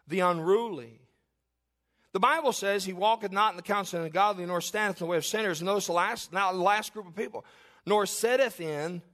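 A pastor in his forties preaches in a high, tenor-ish voice. He is emphatic and folksy, pausing for effect and talking straight to his congregation with homespun asides. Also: a bit bright. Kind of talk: sermon.

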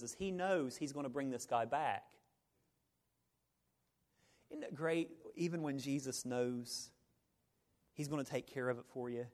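A man preaching a sermon, swinging between hushed reflection and loud, joking asides. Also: a little high, big-room sound. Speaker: pastor.

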